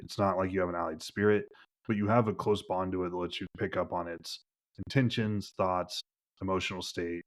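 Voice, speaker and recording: Deep-voiced male game master, loose and rambling, lots of "like" fillers. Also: fairly even intonation, brisk. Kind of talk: narrating a tabletop game.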